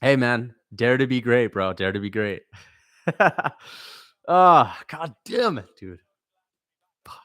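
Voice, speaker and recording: A man's voice: medium pitch, very animated, slow, pauses often, fairly bright tone, dry recording, studio quality. Frustrated young man ranting on a livestream. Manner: frustrated, swearing, repeats himself. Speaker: livestream host reading chat. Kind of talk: casual livestream reaction.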